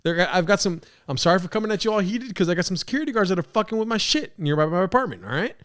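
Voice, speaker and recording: A young man hosts a podcast in a loose, profane rant, all mock outrage and running commentary. His voice sits high and leaps around with lively swings in pitch. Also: rapid-fire. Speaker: podcast host. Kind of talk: casual reaction commentary.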